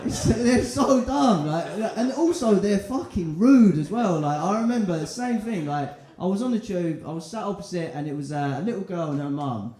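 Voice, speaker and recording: A man's voice: sits high, lively intonation, fairly quick, few pauses, warm tone. A man doing a stand-up set in a comedy club, rambling, crude and self-mocking as he banters with the crowd. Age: 20s. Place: comedy club in central London. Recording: roomy club with crowd laughter.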